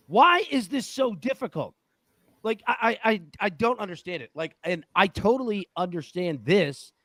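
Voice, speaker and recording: High-pitched man ranting bluntly. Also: fairly bright tone, no echo, clean studio sound. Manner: heated, blunt, swearing rant with repeated phrases. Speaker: sports betting show host. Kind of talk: live sports betting show, ranting chat.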